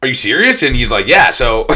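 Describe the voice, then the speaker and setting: A man's voice: mid-range voice, pushed and bright. A young man telling his own recovery story in a casual, blunt way, swearing constantly as he talks. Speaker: detox center worker sharing his recovery story.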